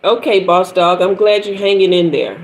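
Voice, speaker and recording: A woman's voice: lowish voice, normal speed, slight background noise, poor audio. A woman in her fifties, a tarot reader and spiritual teacher, preaching and telling stories on a livestream with lots of repetition for emphasis. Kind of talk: livestream talk.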